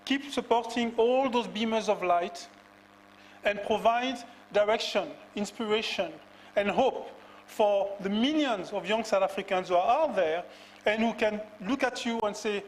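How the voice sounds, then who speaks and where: A man giving a measured farewell speech as an outgoing executive, pausing often with fillers. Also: high voice, a little hiss or hum, poor audio. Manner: measured, halting, with many fillers. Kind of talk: formal speech.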